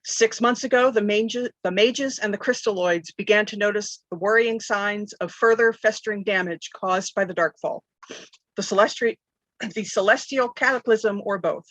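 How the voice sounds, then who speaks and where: A woman game master narrating a tabletop game with dramatic storytelling, often clearing her throat and correcting herself. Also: mid-range voice, moderate pace, fairly bright tone, dry recording, rough recording.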